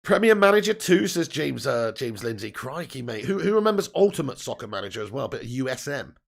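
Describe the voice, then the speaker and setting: A medium-pitched, vocal-fried voice belongs to a man in his thirties hosting a football watch-along. He's brisk and very animated, reading chat messages in a chatty, casual style, laughing frequently and swearing offhandedly.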